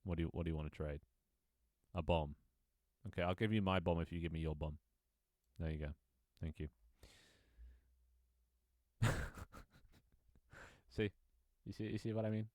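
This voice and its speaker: Deep-voiced male gaming streamer, playful and joking, dry close sound. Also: moderate pace, pauses often, darkish tone, no room sound. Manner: playful, joking, chuckles often. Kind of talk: casual gameplay chat.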